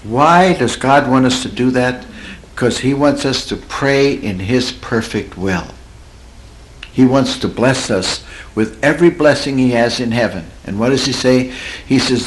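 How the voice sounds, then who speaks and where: A man preaching a sermon in a folksy, conversational way, slowing down to stress points and chuckling at his own stories. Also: slight background noise, rough recording. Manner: drawls and slows for emphasis, swoops in pitch. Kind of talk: sermon teaching.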